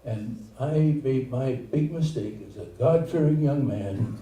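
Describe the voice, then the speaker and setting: A man's voice: medium pitch, warm tone. Older man rambling on a comedy stage. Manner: halting, rambling delivery with many restarts. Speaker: stand-up comedian. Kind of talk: stand-up set. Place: comedy theater stage, live audience. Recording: echoey room, far from mic, noisy.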